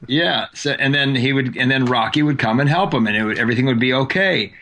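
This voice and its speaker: A man's voice: mid-range voice, pushed and bright. Chatty man telling stories. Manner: storytelling, chatty, drawn-out words. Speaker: podcast host. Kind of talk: casual chat.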